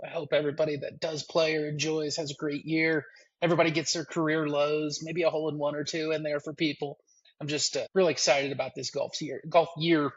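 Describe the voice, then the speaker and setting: A man talks golf as a podcast guest, his voice a little high and husky. He starts hesitantly but sounds keen. The line is dull and lo-fi. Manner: hesitant, enthusiastic. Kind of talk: casual sports chat.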